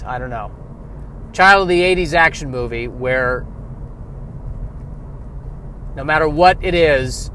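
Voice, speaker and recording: A man in his thirties or forties talking in a loose, rambling way, stopping and restarting often, with self-deprecating humor. His voice sits a little high, and faint outdoor traffic hum runs underneath. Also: fairly bright tone. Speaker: podcaster. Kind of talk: rambling casual monologue.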